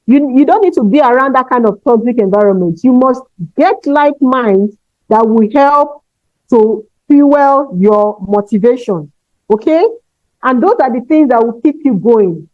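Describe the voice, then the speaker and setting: A woman's voice: a little high, a little slow, no room sound. A woman giving a motivational talk to teachers, emphatic and often checking in with her listeners. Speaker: conference speaker for teachers. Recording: dull, dry, lo-fi sound.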